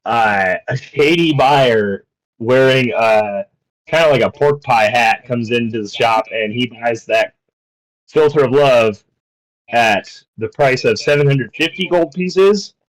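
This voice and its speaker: A man's voice: medium pitch, a little slow, rough recording. A man running a tabletop game as dungeon master, laying out prices and choices and owning up to his mix-ups. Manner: explains rules, apologetic over mix-ups.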